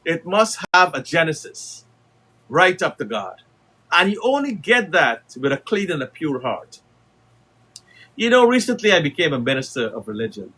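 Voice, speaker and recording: A man's voice: a little high, sing-song, moderate pace, sharp tone. A man with a Guyanese accent, an older political commentator giving an impassioned broadcast speech in an oratorical manner that rises to emphatic declarations.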